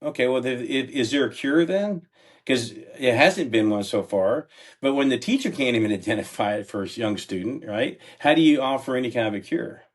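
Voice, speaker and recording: Older male guest, earnest storyteller who keeps checking in with the listener, medium-pitched voice. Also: lively intonation, normal speed. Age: 60s. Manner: earnest, frequently checks in with "right?". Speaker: entrepreneur guest. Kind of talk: personal storytelling in a podcast interview.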